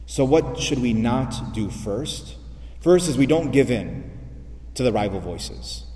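Mellow-voiced priest preaching in an echoey hall. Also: male voice, medium pitch, lively intonation, slow pace, far from the mic. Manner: repetitive, with rhetorical questions. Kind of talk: sermon.

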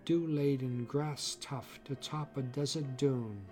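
Slow, deliberate male audiobook narrator. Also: mid-range voice, steady tone, a little mellow, soft background music. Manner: measured, deliberate delivery.

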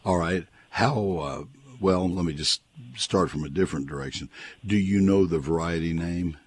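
In a radio studio, an older man hosts a gardening call-in show at a moderate pace, reading live ads and taking callers. His voice is husky, though he calls it squeaky himself. He's folksy and chatty and tends to repeat himself.

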